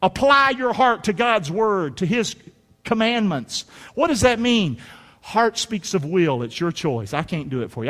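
A middle-aged male pastor preaching a sermon in a folksy way, rising to shouts and dropping to near-whispers. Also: high-pitched, big pitch swings, a little slow. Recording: long hall reverb.

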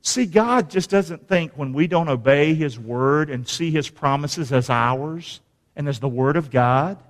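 A man preaching with a high, wildly swinging voice, tossing questions to his congregation and pushing up into shouts. His sermon rings with a long tail of reverb in a big church sanctuary. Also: sing-song, a little slow. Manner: rises to shouting at climaxes. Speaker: pastor.

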